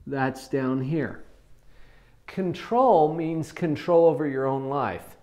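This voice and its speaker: A man giving a motivational talk to teenagers as a parenting coach, animated and full of rhetorical questions. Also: fairly high pitch.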